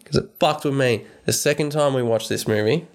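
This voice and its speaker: A man's voice: medium pitch, a little fast. A man co-hosting a podcast, recapping a film in casual chat, joking and swearing freely. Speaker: podcast co-host.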